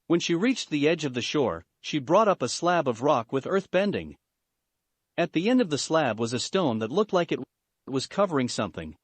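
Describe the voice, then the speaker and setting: A man reading a fan fiction story aloud as scripted narration, even and unhurried. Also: fairly high pitch, dry recording.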